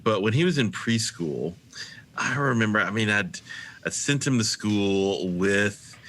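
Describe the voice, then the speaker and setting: A man's voice: fairly low pitch, lively intonation, a little slow, a bit bright. A man, a pastor, guesting on a podcast, chatting easily with frequent laughter and fillers. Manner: easygoing, laughs often, hesitant fillers. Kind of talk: casual podcast chat.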